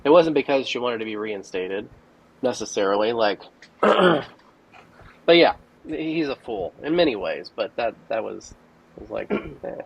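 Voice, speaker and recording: A man on a casual movie podcast, thinking aloud and reasoning through a point with pauses. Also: lowish voice, lively intonation, creaky, slight background noise. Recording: slightly dull audio.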